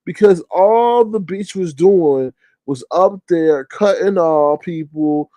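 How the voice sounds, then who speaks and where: A man giving casual commentary in an animated, slangy way, repeating phrases for emphasis. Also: high-pitched, slow, dry recording.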